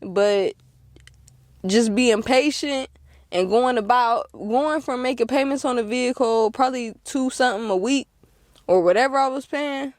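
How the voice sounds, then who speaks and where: A woman's voice: fairly high pitch, unhurried, no echo, clean studio sound. A young woman, telling a story to camera casually and laughing often. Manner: animated, laughs often, acts out quotes. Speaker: car dealer and vlogger.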